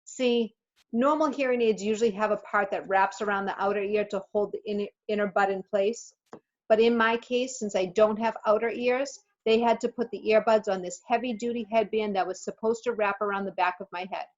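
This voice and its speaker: A woman teacher reads a novel aloud in a steady storytelling voice. Her pitch is ordinary and mid-range. The recording is slightly muffled and dull. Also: fairly quick. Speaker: teacher reading aloud to a class.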